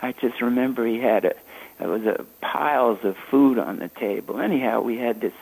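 Older man, gravelly husky storyteller. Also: mid-range voice, a little mellow, poor audio. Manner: halting, anecdotal, laughs while telling stories. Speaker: jazz saxophonist guest. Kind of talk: reminiscing interview storytelling.

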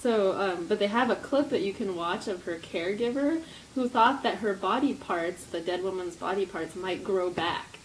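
A young woman co-hosting a podcast, chatting in a relaxed way with dry jokes and frequent laughter. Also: mid-range voice, moderate pace, slight background noise, low-quality recording. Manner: laid-back, dry humor, frequent laughs. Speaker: podcast co-host. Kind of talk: casual chat.

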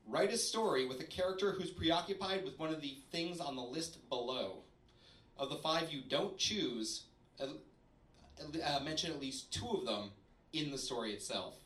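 A man's voice: on the high side, bright, forceful tone. A man hosting a reading night, chatty and loose, with fillers and self-corrections. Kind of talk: casual live introductions. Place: event venue with an audience. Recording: roomy, distant live recording with crowd.

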